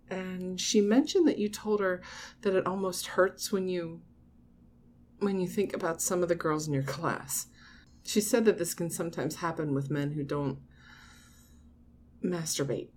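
A woman playing a doting mother who talks to her grown son in a soft, coaxing audio role-play. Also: on the low side, a little hiss or hum. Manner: soft, coaxing, slow, with frequent nervous laughs.

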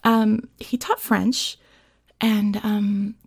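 A woman's voice: medium pitch, fairly even intonation, extremely slow, creaky, breathy edge. A woman hosting and chatting casually, self-deprecating and nervous, often dropping into a whisper and laughing. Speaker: host reading listener scripts. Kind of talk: casual chat.

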